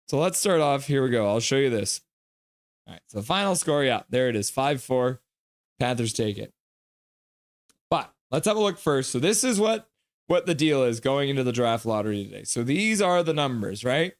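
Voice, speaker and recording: A man's voice: mid-range voice, moderate pace, dry recording. Joking man streaming hockey. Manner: joking, excitable, banters with chat. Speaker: live-stream host. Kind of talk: live reaction stream commentary, reading chat.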